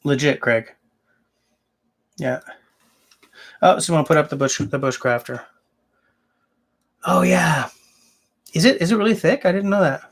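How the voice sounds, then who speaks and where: A man's voice: fairly high pitch, measured pace, pauses often. A man hosting a casual livestream, answering viewers and thinking aloud as he rambles. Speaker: livestream host.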